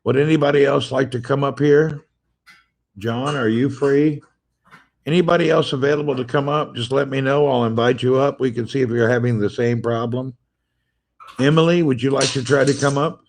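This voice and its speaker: A man's voice: mid-range voice, fairly even intonation, normal speed, gravelly. A man hosting a casual live-stream chat from home, greeting viewers by name, reading their comments aloud and teasing playfully. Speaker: livestream host. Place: at home with family nearby. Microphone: phone livestream.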